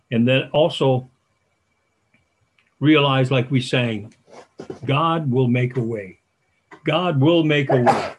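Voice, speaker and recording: Husky older man preaching a sermon. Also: mid-range voice. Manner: halting, folksy, with restarts and warm asides. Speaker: church elder preaching.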